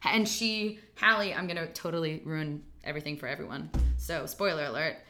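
A woman theater actor, a guest in a casual podcast conversation, telling a story in a chatty, animated way with lots of fillers. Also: deep voice, brisk, soft background music.

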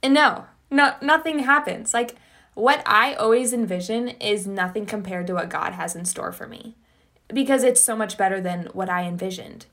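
A woman's voice: mid-range voice, normal speed, fairly bright tone. A young woman hosting a casual, earnest faith conversation, using many filler words. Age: young adult. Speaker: podcast host.

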